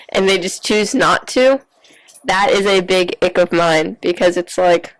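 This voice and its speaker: A woman's voice: on the low side, slow pace, rough recording. A teenage woman co-hosting a casual chat, rambling and dramatic with many fillers. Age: late teens. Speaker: co-host.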